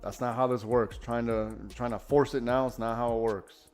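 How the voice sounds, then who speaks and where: A man hosting a live trading stream, talking casually and excitedly, often restarting his sentences. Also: medium pitch, normal speed, smooth, soft background music. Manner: enthusiastic, rambling, self-correcting. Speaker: day-trading livestream host.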